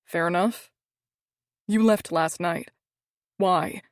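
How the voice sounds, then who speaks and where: A woman voicing a grumpy, controlling young man with a low raspy tone, speaking curtly in an audiobook. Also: takes it slowly, dry recording, clean studio sound. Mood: brooding. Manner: curt, commanding.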